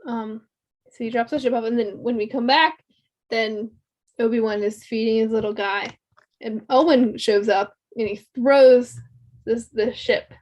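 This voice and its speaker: Higher-voiced woman recapping with animated chat. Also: unhurried. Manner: animated storytelling recap, laughs often, acts out quotes. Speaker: podcast co-host. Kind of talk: casual fan podcast chat.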